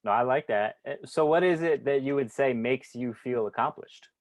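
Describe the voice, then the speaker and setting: A man's voice: medium pitch, normal speed, no echo. A man hosts a podcast in a laid-back, encouraging way, swearing casually. His voice sits mid-range, and the sound is dry and close. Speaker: podcast host.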